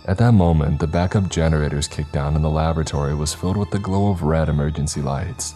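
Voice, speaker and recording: A man reading a scripted horror story in a slow, measured way. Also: extremely low pitch, dark tone, faint music behind.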